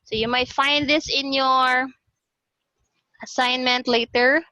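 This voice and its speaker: A woman's voice: high voice, fairly even intonation, slow pace, pushed and bright, dry recording, low-quality recording. A woman with a Filipino accent teaching an online class over a video call. She mixes English and Cebuano and drills words by repeating them.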